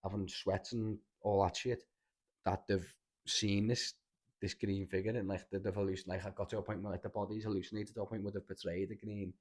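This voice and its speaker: A man's voice: fairly low pitch, flat delivery, a little fast. A young Scouse man hosting a podcast, telling stories in a rambling, sweary way and calling everyone "lad". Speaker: podcast host. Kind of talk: casual storytelling chat.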